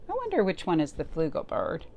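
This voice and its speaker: A woman librarian reading a picture book aloud to children, pausing often to point things out and ask them questions. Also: lowish voice. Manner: slow, expressive, pausing to talk to young listeners.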